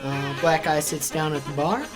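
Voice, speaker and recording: A man's voice: on the high side, fairly even intonation, normal speed, over music. A man delivering a comedic monologue in a wry, chatty joke-telling manner, often tagging lines with a question.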